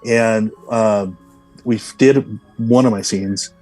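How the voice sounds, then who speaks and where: Husky-voiced man telling rambling stories. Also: lowish voice, fairly even intonation, slow, darkish tone, faint music behind, rough recording. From Los Angeles, USA. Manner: rambling anecdotal storytelling with many fillers. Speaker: guest character actor. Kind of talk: casual podcast interview.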